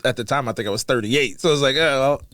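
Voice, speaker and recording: Talking rapid-fire in a medium-pitched voice, a forties-aged podcast host rambles and laughs a lot through a casual chat. He records in a small studio on a studio mic, with no echo.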